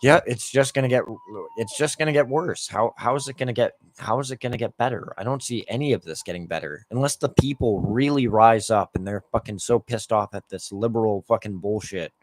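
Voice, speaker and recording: A man's voice: medium pitch, fairly quick, dry recording. A man giving heated, profane rants over gameplay commentary, with lots of filler "like". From Canada. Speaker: gameplay streamer.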